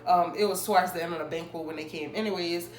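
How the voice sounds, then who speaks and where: A young woman casually telling a storytime, animated and acting out the people she quotes. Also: fairly low pitch, quick pace, reverberant, soft background music. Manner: animated, acts out quoted people in raised voices. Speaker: storytime vlogger.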